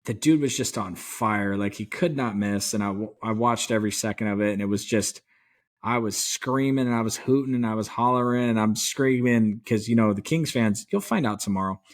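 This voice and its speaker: A man co-hosting a podcast, chatting about sports as an excited, rambling fan with some mild swearing. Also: fairly low pitch, fairly quick. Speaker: podcast co-host. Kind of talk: casual sports chat.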